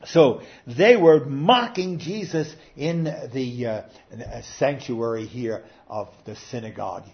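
A man preaching an expository sermon, emphatic and building to loud peaks, with rhetorical questions and hesitant fillers between phrases. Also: mid-range voice, takes it slowly. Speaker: pastor. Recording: dull lo-fi recording.

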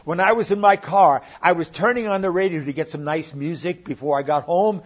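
An older man delivers a sermon in a plain, earnest way, his voice sitting a bit high for a man. He now and then swells louder to press a point. The recording is muffled and lo-fi. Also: a little fast. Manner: earnest, plainspoken preaching with sudden rises in loudness. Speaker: pastor. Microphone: online sermon recording.

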